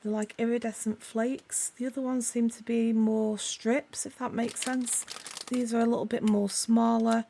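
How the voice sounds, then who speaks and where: Woman, craft-channel host, croaky with a sore throat, dark and gravelly tone, casual rambling chat. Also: on the high side. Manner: chatty, rambling, self-correcting.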